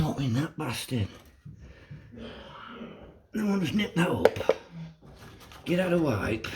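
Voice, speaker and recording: A man filming a do-it-yourself vlog while fixing a washing machine, excitable and swearing constantly. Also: fairly high pitch, very noisy. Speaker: vlogger. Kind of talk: casual DIY vlog.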